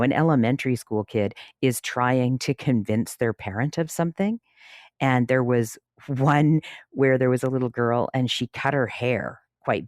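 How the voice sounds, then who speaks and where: A talkative podcast host steers an audio-chat discussion, laughing easily and letting sentences sink to a soft murmur. The voice sits at an average pitch. It sounds dry and close, with no room around it. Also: no room sound. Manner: chatty, laughs often, drops to a low murmur at phrase ends. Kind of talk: casual discussion moderating. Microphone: phone app audio chat.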